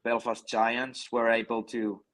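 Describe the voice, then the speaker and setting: A man from Finland with a Finnish accent, a hockey player guest answering in halting English and often repeating words. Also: mid-range voice, completely flat delivery, fairly bright tone. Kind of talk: casual interview.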